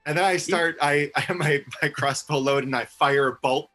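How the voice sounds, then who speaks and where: A man plays a hero in a tabletop game and keeps pushing and prodding other characters. His voice is a little high, with faint music underneath. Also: moderate pace, sharp tone. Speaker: player. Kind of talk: tabletop game role-play.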